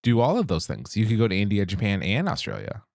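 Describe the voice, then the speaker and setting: A man co-hosting a movie podcast, chatting casually in an animated way and laughing easily. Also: on the low side, fast, vocal fry, dry recording, clean studio sound. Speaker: podcast co-host. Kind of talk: casual chat.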